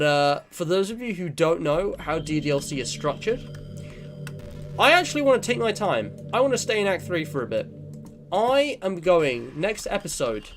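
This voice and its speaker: Chatty man doing game commentary. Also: on the high side. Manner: chatty, thinking aloud, swings between hushed and upbeat. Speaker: let's play host. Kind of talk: casual gameplay commentary.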